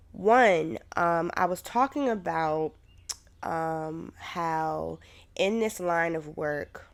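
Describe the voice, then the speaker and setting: Chatty woman podcaster, still sick. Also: low-pitched. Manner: chatty, loose, swears casually, leads breathing exercise. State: recovering from covid, voice still sick. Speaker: podcast host. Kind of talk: casual solo podcast talk.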